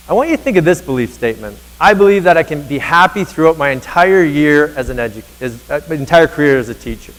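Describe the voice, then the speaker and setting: A man's voice: a little high, in a large hall, rough recording. A man in his thirties giving a motivational talk to teachers on a stage, speaking earnestly and addressing the audience directly. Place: stage in a large hall.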